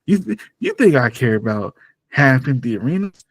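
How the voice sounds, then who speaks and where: A man's voice: medium pitch, big pitch swings, normal speed, dry recording. A man hosting a podcast in casual chat, laid-back, laughing often and ending lines with "bro". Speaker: podcast host.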